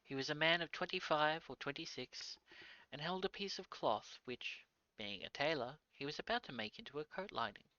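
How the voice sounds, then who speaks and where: Man reading aloud, bright voice, casual asides, dry muffled sound. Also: on the high side, expressive, normal speed, no echo. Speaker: reader. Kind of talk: live-streamed read-aloud.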